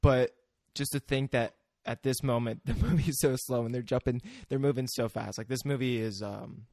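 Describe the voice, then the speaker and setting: Brief: relaxed male podcast co-host, rambling, low and gravelly, dry close mic. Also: moderate pace, no room sound. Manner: laid-back, rambling with fillers. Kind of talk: casual chat.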